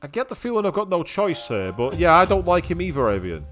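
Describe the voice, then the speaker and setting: A man's voice: on the high side, big pitch swings, fast talker, fairly bright tone. A chatty English man with a slightly raised voice, giving sarcastic commentary as he plays through a video game. He reads the game's text aloud as he goes, with faint game music playing behind him. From England. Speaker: let's play gamer.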